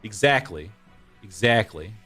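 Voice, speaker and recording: A man's voice: fairly low pitch, expressive, a little slow, fairly bright tone, husky, faint music behind. A man in his thirties, a streamer, chatting casually with viewers while he plays a game. He rambles, often restarts his sentences and laughs a lot. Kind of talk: casual gameplay chat with viewers.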